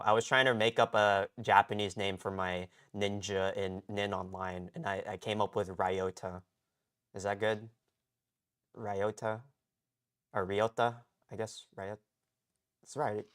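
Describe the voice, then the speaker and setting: Speaking on the low side with a bit of brightness, a young American man rambles through a casual garage live stream. He restarts often and leans on the tag question "okay?"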